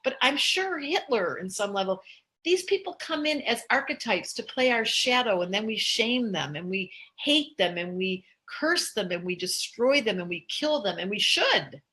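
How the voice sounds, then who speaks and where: A woman's voice: mid-range voice, moderate pace, low-quality recording. Chatty older woman astrologer. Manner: chatty, animated, laughs often. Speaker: astrologer host. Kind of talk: casual live-stream talk.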